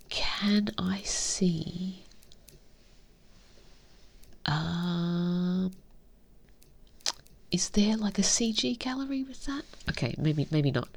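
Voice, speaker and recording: A woman reading a visual novel aloud and commenting on it, in a soft, half-whispered, heartfelt way. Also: fairly low pitch, slow pace, gravelly, pauses often. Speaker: game reviewer.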